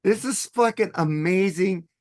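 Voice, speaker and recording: A man's voice: high voice, a little slow. A man on a podcast, casually retelling comedy sketches with lots of swearing and acted-out voices. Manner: animated storyteller, acts out sketch voices, swears freely. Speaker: podcast co-host. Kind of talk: casual chat.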